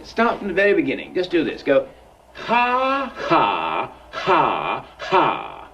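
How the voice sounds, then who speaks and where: A man's voice: fairly high pitch, sing-song, fast, lo-fi sound, slight background noise. An actor playing an exacting, impatient male phonetics professor who drills his pupil with precise, hectoring diction in a musical film. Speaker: speech tutor drilling a pupil. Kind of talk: 1960s musical film acting.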